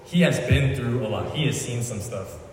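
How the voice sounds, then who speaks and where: A man's voice: medium pitch, expressive, moderate pace, slight background noise. A man giving a casual sermon as a youth pastor, chatty and slangy, retelling the story with lots of asides. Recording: echoey hall, voice from far off.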